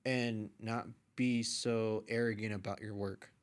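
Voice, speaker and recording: A young man, a podcast guest, casually telling a story with lively quoted voices and frequent swearing. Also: on the low side, unhurried, clear, resonant tone. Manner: animated retelling, acts out quoted voices, swears freely. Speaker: podcast guest, artist and photographer.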